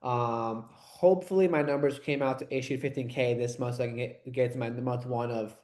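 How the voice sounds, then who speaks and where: A man speaks casually on a team call, pausing often with ums. His voice echoes as if in a bare room. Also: mid-range voice, fairly even intonation, darkish tone. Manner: hesitant, lots of ums. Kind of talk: casual chat.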